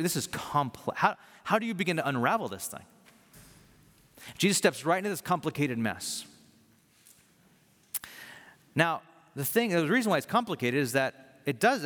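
A man's voice: medium pitch, fairly bright tone. A man preaching a sermon in an earnest way, building to emphatic points. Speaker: pastor. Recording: long reverb of a large hall.

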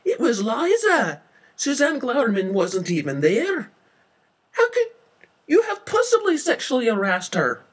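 A man voicing an excitable female inspector who blurts things out in a high, shrill voice. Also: a little slow, breathy edge, exaggerated voice. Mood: incredulous.

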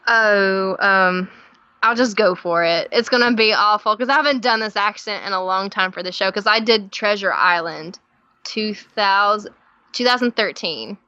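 A woman's voice: medium pitch, normal speed, dry recording, muffled recording. A woman with a Southern drawl from Tennessee, telling stage stories animatedly as a podcast guest. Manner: animated storytelling with laughs. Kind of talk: casual conversation.

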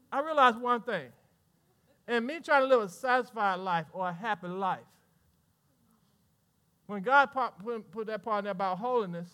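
Southern male pastor, middle-aged, very high ringing voice, lively sermon delivery. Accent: Southern American. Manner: preaching with call-and-response asides and laughter; voices imagined congregants in quick back-and-forth.

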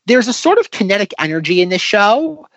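Rambling, animated male podcast co-host. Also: high voice, a little fast, no room sound, highs cut off. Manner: rambling, animated, tangent-prone. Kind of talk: casual chat.

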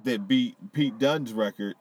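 Chatting on a podcast at a slightly slow pace, this man has a mid-range voice and a lively, profane manner. He curses casually and breaks into laughter a lot.

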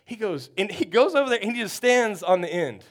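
A pastor from Texas telling a story in a sermon, animated and acting out the people in it. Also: male voice, high-pitched, a little fast. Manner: animated storytelling, acts out quotes.

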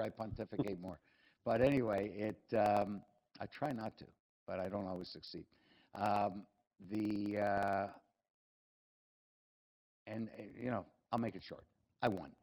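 An older man with a somewhat low voice spins long, rambling stories at a fireside chat. He talks with self-deprecating humor and plenty of ums and uhs as he wanders from one anecdote to the next. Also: warm tone, rough recording. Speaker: company chief executive, interview guest.

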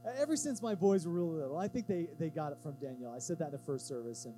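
Male pastor, sermon, mellow warm voice, conversational and emphatic, faint music behind. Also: fairly high pitch, lively intonation, very fast, rough recording. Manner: conversational, emphatic preaching with acted-out quotes.

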